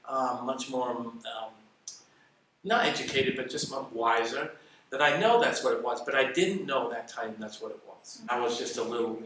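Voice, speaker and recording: An older man from England telling stories about his early career in a relaxed, self-deprecating way. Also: mid-range voice, moderate pace, slight background noise. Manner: reflective, self-deprecating storyteller. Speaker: interview guest, salon educator. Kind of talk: casual storytelling interview. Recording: echoey room, mic at a distance.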